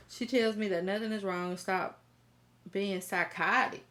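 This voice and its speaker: A woman's voice: medium pitch, fairly even intonation, unhurried, fairly bright tone. A woman host reading a viewer's email aloud and reacting in a blunt, profane, chatty way, talking straight to her viewers.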